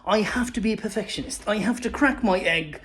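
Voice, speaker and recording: A man doing an impression of an excitable, fussy male stand-up comedian who gets breathless and shrill as he rants. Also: fairly quick, slight background noise. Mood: exasperated. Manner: breathless, exaggerated, rising to shrill peaks.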